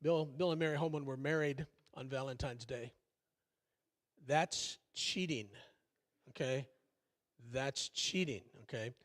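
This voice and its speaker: A man's voice: medium pitch, measured pace. An older man preaching a sermon as pastor, folksy and conversational, with many fillers and self-deprecating asides. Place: church sanctuary.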